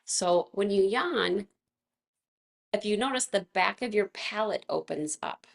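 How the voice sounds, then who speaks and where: A woman of middle pitch teaches a casual online movement class, her voice gravelly with a touch of fry. She sounds a little froggy from vocal fatigue. She talks in a chatty, gentle way and laughs often. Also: expressive, unhurried.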